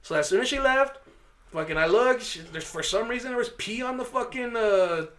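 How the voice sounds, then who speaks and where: A man co-hosting a podcast, telling a profane, animated story and acting out the voices of the people in it. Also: very high-pitched, brisk. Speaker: podcast co-host. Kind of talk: casual storytelling chat.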